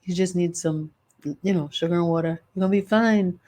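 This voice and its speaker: A woman putting on her very old great-grandmother, hushing and reassuring a hurt child. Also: fairly low pitch, steady tone, brisk, close to an everyday voice. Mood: soothing.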